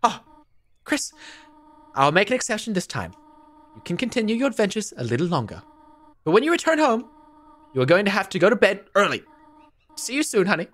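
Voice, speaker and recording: A man's voice: sits high, big pitch swings, a little fast, pauses often, fairly bright tone, pitched above the performer's own voice. A young man voicing a motherly goat-monster who scolds and then forgives her child. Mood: softening. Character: stern but loving goat-monster mother.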